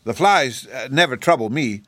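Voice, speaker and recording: In a dry, studio-quality recording, a man voices a living wooden sawhorse, a male character who is proud yet meek, earnest and simple, sometimes hesitant. His medium-pitched voice, pitched above his own, is fairly bright with lively intonation at normal speed, and the mood is meek.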